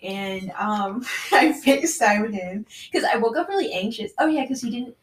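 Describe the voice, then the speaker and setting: A woman's voice: on the high side, animated, normal speed, rough recording. Laid-back young woman teasing in chat. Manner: laid-back, teasing, acts out imagined dialogue. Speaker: friend chatting. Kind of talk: casual chat.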